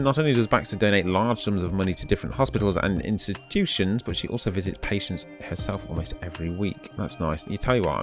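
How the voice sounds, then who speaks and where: A man hosting a let's play, reading the game's text aloud and adding dry asides. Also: fairly low pitch. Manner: dry asides, reads on-screen text in a steady voice.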